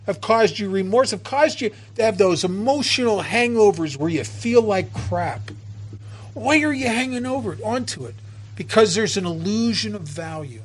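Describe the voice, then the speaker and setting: A man in his fifties giving an earnest twelve-step recovery talk, halting and restarting as he tells stories. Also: sits high, lively intonation, husky.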